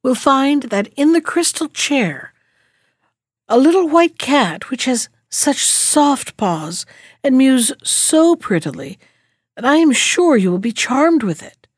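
A woman's voice: sits high, big pitch swings, slow, no echo, studio quality, pitched above the performer's own voice, heavily acted. A woman voicing a devoted young prince in a storybook reading, earnest and eager.

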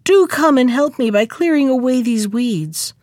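A woman's voice: high-pitched, expressive, moderate pace, a little mellow, no room sound, clean studio sound. A woman voicing a choked-up stream in a storybook reading, begging for help in a pleading way.

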